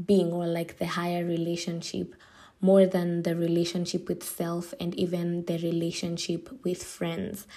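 A young woman hosting a casual solo podcast, chatty and emotional and quick to laugh. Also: lowish voice, level tone, warm tone. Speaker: podcast host.

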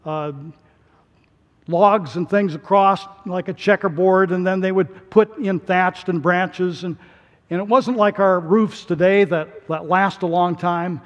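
A male pastor delivering a sermon in an animated way, his voice rising to emphatic peaks. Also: high-pitched, unhurried, muffled recording. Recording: long hall reverb.

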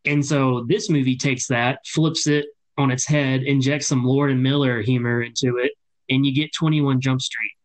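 A man's voice: mid-range voice, little pitch movement, moderate pace, low-quality recording. A man co-hosting a podcast in casual chat, explaining at length with many fillers. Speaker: podcast co-host.

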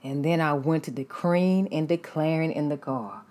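A young adult woman casually telling a story to her viewers, animated and confiding, dropping into hushed asides. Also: sits low, moderate pace.

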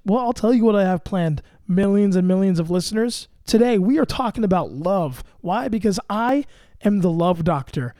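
A man's voice: high-pitched, lively intonation, moderate pace, mellow, no echo, studio quality. A man hosting a casual comedy podcast, bragging in a mock-grandiose, self-mocking way. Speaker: podcast host.

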